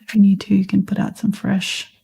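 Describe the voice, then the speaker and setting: A woman with a light Southern US accent, teaching a live painting tutorial in a relaxed, chatty way while she paints. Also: mid-range voice, a little fast, gravelly, slightly rough. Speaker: painting instructor.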